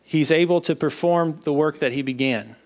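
A young man giving an earnest personal faith testimony, halting and often repeating his words. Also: a little high. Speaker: speaker sharing a testimony.

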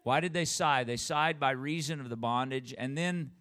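A man, the pastor, giving church announcements and then preaching a sermon, leading call-and-response and reading scripture aloud slowly. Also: mid-range voice, fairly bright tone. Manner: reads scripture aloud in a slow, drawn-out voice.

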